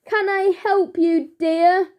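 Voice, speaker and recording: A woman's voice: very high voice, fairly even intonation, takes it slowly, a little mellow, voice pushed up. A woman voicing a sweet, doddery old lady who kindly calls everyone dear.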